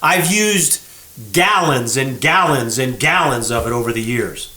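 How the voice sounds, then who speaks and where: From the gun shop workroom, the owner hosts a gunsmithing show, animatedly and folksily pointing out a gun's flaws to viewers he calls folks. His mid-range voice is measured in pace, and the sound is roomy.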